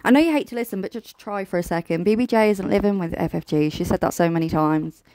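A woman's voice: mid-range voice, fast talker, mellow, no echo. A British woman giving blunt, sarcastic reaction commentary as host.

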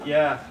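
A man from Austria doing a live stand-up set in a club, chatting with the audience and restarting his sentences. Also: very high voice. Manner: conversational, chats with audience, halting restarts. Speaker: stand-up comedian. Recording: roomy club, distant mic, crowd noise.

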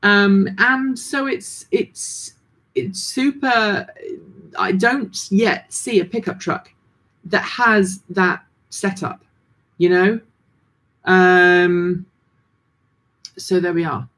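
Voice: medium pitch, very slow, pauses often, fairly bright tone. A person in their thirties with a British accent that drifts toward American, hosting a casual livestream chat with lots of ums and restarts. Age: 30s. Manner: rambling, many ums and restarts. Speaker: livestream host.

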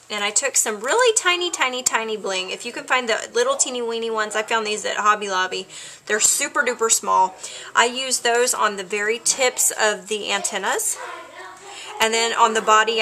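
A woman chatting her way through a craft tutorial at home, relaxed, with lots of ums. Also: medium pitch. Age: adult with a child.

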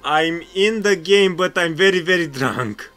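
A man's voice: high-pitched, a little slow, fairly bright tone, faint music behind. A man hosting a casual voice chat, drunk, giggly and rambling. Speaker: game host.

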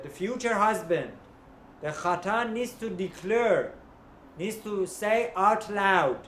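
A man's voice: high-pitched, reverberant, a little hiss or hum. A man teaching as a rabbi in a lecture, explaining step by step, mixing in Hebrew terms and often checking in with "right?". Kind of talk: Torah lecture.

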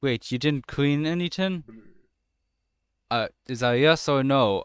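A man's voice: mid-range voice, slow, clear, resonant tone, no echo, clean studio sound. A young man giving sarcastic let's-play commentary on a horror game, swearing casually and talking back to the characters. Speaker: gamer playing a horror game.

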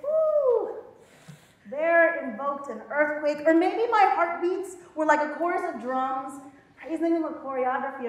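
A woman poet performing spoken word in a college hall, with rhythmic, dramatic delivery and playful laughing asides to the audience. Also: sits high. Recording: very echoey hall.

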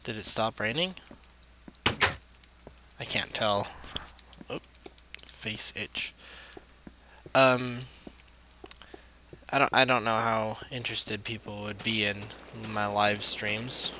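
A man's voice: lowish voice, level tone, slow, pauses often, sharp tone. A man hosting a let's play, talking to himself in a rambling way and easily startled by what happens in the game. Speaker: gaming channel host. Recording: noisy amateur mic recording.

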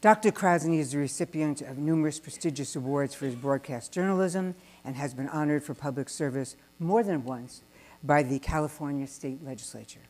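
A woman's voice: low voice, a little mellow. Woman reading a formal speaker introduction. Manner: formal, measured announcing. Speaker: event host introducing speakers. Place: large synagogue hall before an audience.

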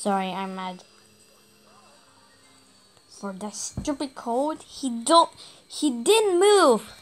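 A high-voiced woman talks slowly over her gameplay. Her commentary is casual, full of exasperated outbursts at the game. She speaks with an unhurried pace. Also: sing-song. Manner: exasperated exclamations while playing. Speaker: gaming video creator.

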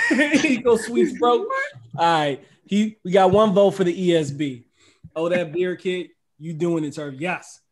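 A middle-aged man from the United States hosts a casual livestream chat in a high, bright voice. He laughs often and reads viewers' comments aloud as he goes. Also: normal speed. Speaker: host.

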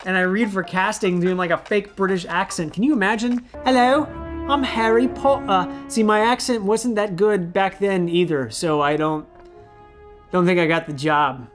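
A man's voice: sits high, fairly even intonation, moderate pace, faint music behind. A man in his thirties, a former child actor, reviewing his old outfits in a playful, self-mocking casual vlog.

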